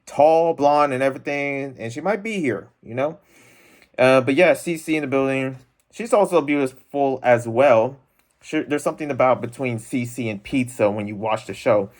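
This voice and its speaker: A man's voice: medium pitch, moderate pace. Young male vlogger, rambling and self-conscious, talking to camera from his room. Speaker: unboxing vlogger. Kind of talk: casual rambling chat.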